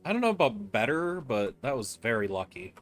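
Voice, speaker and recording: A man's voice: mid-range voice, big pitch swings, brisk. A man chatting casually while guiding a friend through a co-op game, patiently explaining mechanics step by step. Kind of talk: casual gameplay chat.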